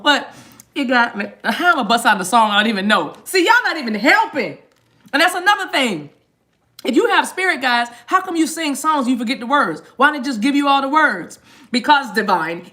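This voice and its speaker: This tarot live-stream host has a fairly high, sharp voice. Mint in her mouth, she keeps the talk loose and playful, using slang with her viewers and laughing and joking frequently.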